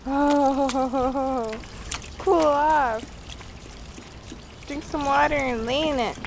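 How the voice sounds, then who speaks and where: A woman's voice: high-pitched, fairly even intonation, very slow, vocal fry. A young woman chatting casually to the camera while filming her pets in the yard, giggling and talking to her dog in a sing-song voice. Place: outdoors in a yard. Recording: noisy outdoor home video.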